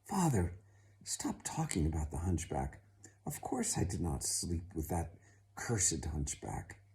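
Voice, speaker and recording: A man's voice: low-pitched, mellow, exaggerated voice. A man voicing an insistent, indignant young noblewoman in a told story.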